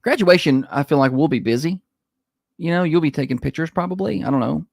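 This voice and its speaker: Gravelly, teasing man on morning radio. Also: fairly high pitch, expressive, a little fast, no echo. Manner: teasing, dry storyteller, mimics voices in his stories. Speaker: radio morning show co-host. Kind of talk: casual chat. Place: radio studio.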